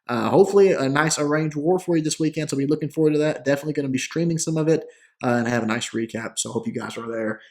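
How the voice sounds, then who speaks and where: A young man hosting a gaming channel, giving relaxed, chatty commentary over gameplay with lots of "uh" and restarts. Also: a little high, fast.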